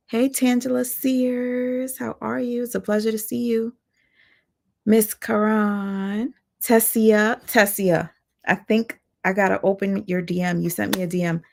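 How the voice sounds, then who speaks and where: A woman hosting a casual live stream, chatty and excitable, greeting viewers by name. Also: fairly low pitch, creaky.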